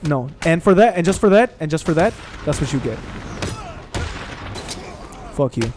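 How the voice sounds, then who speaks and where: Young male streamer, slightly high but mellow voice, loud and animated, swears freely while telling stories over gameplay. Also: moderate pace, pauses often, soft background music. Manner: expressive, profane, animated rants. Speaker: gaming streamer. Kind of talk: casual storytelling over gameplay. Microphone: condenser mic on desk.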